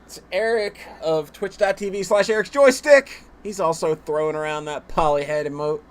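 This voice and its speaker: A man's voice: a little high, normal speed. Crude, joking young man on a podcast. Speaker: podcast co-host streaming live. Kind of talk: casual chat.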